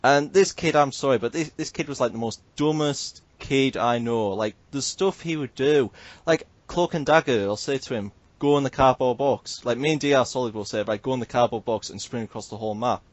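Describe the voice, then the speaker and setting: A man tells a story on a casual podcast, animated and quick to swear. His voice is dry and close, with a muffled, low-fidelity voice-chat quality. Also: dry recording. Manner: animated, swearing, mimics others in quotes. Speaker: podcast host.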